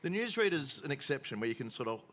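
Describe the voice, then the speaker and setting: A man interviewing a guest in an onstage conversation, asking measured questions with some restarts. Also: medium pitch, big pitch swings, a bit bright, a little hiss or hum. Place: festival stage.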